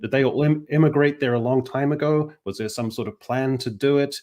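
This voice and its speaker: A man's voice: mid-range voice, fairly quick, warm tone. A man, a panel guest in a casual chat, musing in a reflective, wry way.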